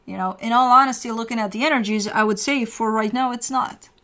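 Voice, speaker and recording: A woman's voice: on the high side, brisk, sharp tone. A woman reading tarot cards to camera in a casual, rambling way, full of fillers. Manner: rambling, filler-heavy, chatty. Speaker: tarot reader.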